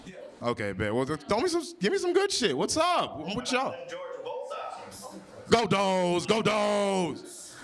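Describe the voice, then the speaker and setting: A man's voice: high-pitched, huge pitch swings, moderate pace. Brash young man doing crowd-work stand-up. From Oklahoma. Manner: loud, brash, playful crowd work with swearing. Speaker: stand-up comedian. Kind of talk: improvised stand-up comedy. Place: winery comedy stage before a live audience.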